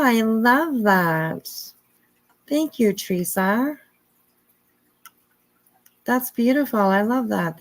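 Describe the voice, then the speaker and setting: Unhurried chatty woman livestreamer. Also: medium pitch. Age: 50s. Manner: chatty, thanks viewers warmly by name, laughs often. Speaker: livestream host. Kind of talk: casual live chat with viewers.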